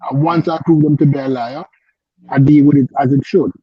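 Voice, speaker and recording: A man's voice: a little high, fairly even intonation, a little fast, muffled recording. A man with a French accent, a caller on a live online panel, arguing insistently and repeating himself to make his point. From French-speaking.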